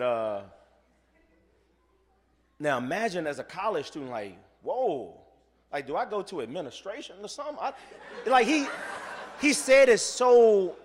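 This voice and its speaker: Storytelling male motivational speaker in a hall. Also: fairly high pitch. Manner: storytelling, swings from soft to loud; acts out quoted voices. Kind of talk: keynote speech.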